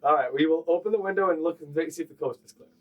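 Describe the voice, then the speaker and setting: A man's voice: fairly high pitch, fast, narrow, tinny audio. A man playing a tabletop game, talking eagerly and decisively. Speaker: player. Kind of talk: casual play chat. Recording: distant from mic, faint music.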